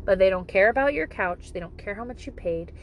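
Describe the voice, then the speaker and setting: A woman's voice: medium pitch, lively intonation, brisk, muffled recording, a little hiss or hum. A woman talking casually to camera with parenting advice, blunt and profane, joking and exaggerating as she goes.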